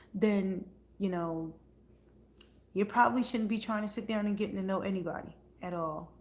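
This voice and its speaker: A woman's voice: medium pitch, moderate pace. A woman chatting casually on a livestream, blunt and profane. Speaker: livestream host.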